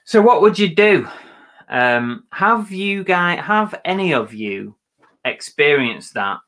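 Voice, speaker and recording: A man's voice: high-pitched, sing-song, slow pace, fairly bright tone. An English man co-hosting a live reselling chat show, casual and joking, a bit self-conscious and hesitant.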